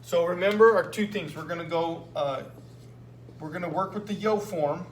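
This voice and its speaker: A recorded lesson captures a man at a moderate pace and fairly high pitch as he goes over a written Spanish exam with students. He explains patiently and repeatedly, often asking "okay?" The space is echoey with a faint hum.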